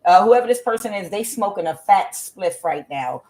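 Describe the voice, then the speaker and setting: Tarot reader, casual reading, rambling, filler-heavy, blunt, mid pitch. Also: expressive, normal speed, a little mellow.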